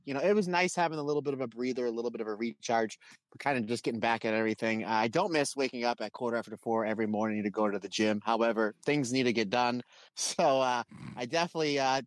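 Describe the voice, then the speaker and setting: A man's voice: medium pitch, no room sound. Jokey man, podcast co-host. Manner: jokey, friendly, calls people "my friend". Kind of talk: casual podcast chat.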